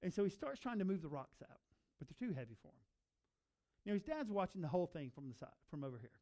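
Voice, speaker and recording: A man's voice: sits high, big pitch swings, fast, dark tone. A male pastor preaching a sermon, earnest and building to emphatic repeated phrases.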